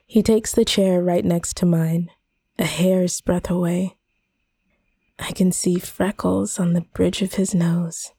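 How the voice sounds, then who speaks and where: A woman reads a first-person romance story in a slow, intimate, soft-spoken manner. Her voice is low-pitched and mellow, recorded close and dry with no room sound. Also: fairly even intonation, vocal fry, husky, dry recording. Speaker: audiobook narrator.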